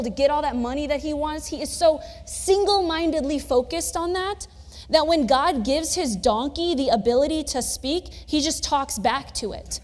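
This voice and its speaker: High-voiced woman preaching in a reverberant church. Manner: casual, conversational storytelling with humor. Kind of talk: sermon.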